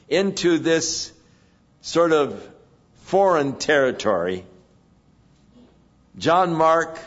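A man preaching an expository sermon in a measured way, pausing between phrases. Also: a little high, muffled recording. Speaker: pastor.

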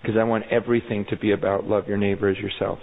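A man's voice: on the low side, little pitch movement, quick pace. A man preaching a sermon as pastor, intense and urgent, often stammering and restarting as he acts out quoted voices. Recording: phone-like sound in a reverberant hall.

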